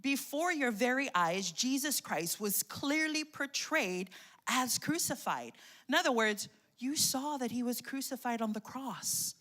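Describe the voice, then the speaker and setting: A woman pastor preaching a lively call-and-response sermon. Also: on the high side, a little slow.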